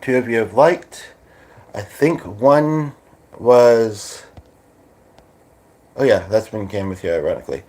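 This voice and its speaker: A man's voice: lowish voice, slow pace, pauses often, a little mellow. A man from Canada hosting a casual livestream chat, playful and chatty, slipping into little sung bits. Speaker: livestream host.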